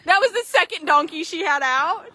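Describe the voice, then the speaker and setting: A woman horse trader telling animated, laughing stories in casual chat, swearing freely. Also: very high-pitched, normal speed.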